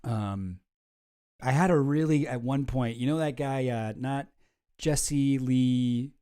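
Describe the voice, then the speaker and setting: A man's voice: mid-range voice, unhurried, warm tone. A man hosting a casual livestream, rambling and chuckling as he reacts to chat. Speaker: streamer host.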